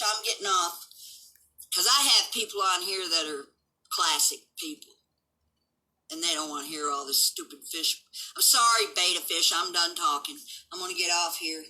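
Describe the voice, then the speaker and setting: A woman's voice: lowish voice, sharp tone, low-quality recording. A woman in her seventies, hosting her livestream from home with a blunt, combative, swearing rant. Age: 70s. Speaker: livestream host.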